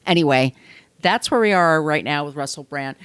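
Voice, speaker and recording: A woman's voice: low voice, expressive, moderate pace, fairly bright tone, clear, resonant tone, no room sound. A woman co-hosting a casual podcast, talking bluntly and sarcastically with plenty of swearing. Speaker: podcast co-host.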